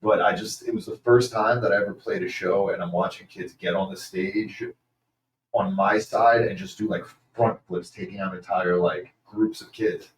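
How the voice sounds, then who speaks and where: A man in a band, telling lively stories in a casual interview. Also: deep voice. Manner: animated storyteller, quick laughs. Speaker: band member. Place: venue after load-in. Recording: echoey room, distant mic, faint noise.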